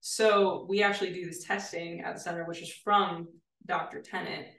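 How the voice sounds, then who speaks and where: A woman's voice: on the low side, fairly even intonation, normal speed, a bit bright. A woman guest therapist explaining her work in an enthusiastic, explanatory way. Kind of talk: casual interview chat. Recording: roomy, distant mic.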